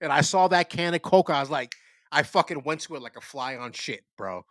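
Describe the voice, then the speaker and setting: A man's voice: fairly high pitch, a little fast, no room sound. A man co-hosting a podcast, telling rambling stories with lots of swearing. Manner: animated, profane storyteller. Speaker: podcast co-host. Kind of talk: casual chat.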